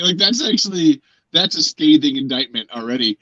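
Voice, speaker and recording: A man's voice: fairly high pitch, expressive, normal speed, lo-fi sound, a loud crowd. A man hosting a casual chat show, joking and swearing, who now and then slips into silly put-on voices. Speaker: podcast host.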